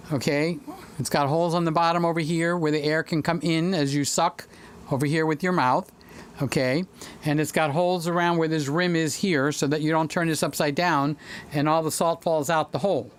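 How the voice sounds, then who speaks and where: His voice is a little high, with fairly even intonation, a moderate pace, and a smooth sound. He's hosting a relaxed livestream in a home studio room, reading comments, greeting viewers by name, and slipping into song now and then.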